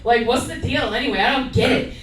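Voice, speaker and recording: Woman stand-up, open mic, profane and rambling, slightly high voice, echoey distant club sound. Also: quick pace, fairly bright tone. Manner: profane, rambling, self-mocking. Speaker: stand-up comic.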